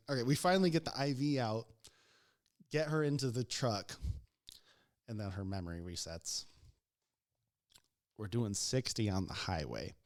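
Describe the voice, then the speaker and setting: A young adult man telling a work story in a casual podcast chat, laughing often and acting out the people he quotes. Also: on the low side. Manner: animated storyteller who acts out quoted voices, laughing often. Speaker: podcast co-host.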